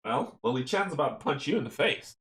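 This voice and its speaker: A man's voice: medium pitch, animated, a little fast, a bit bright. A man playing a board game solo, reading the game text aloud and chatting to himself with chuckles. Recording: roomy echo.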